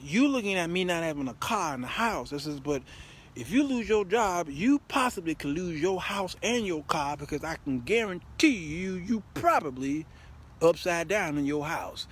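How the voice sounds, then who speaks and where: A man's voice: fairly high pitch, moderate pace, breathy edge. A man, hosting his own show, telling a story by phone and acting out both sides of the talk. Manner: animated, acts out both sides of a conversation. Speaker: host. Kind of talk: casual live-stream storytelling. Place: outdoors in the rain, then in a car.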